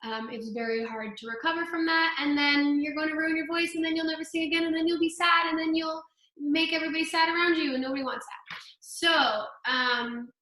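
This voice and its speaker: Bright-voiced young woman voice teacher. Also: high voice, fairly even intonation, fairly quick. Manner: chatty, upbeat, filler-heavy, sings exercises. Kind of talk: online group voice lesson. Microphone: laptop microphone. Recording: echoey room, piano nearby. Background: faint piano.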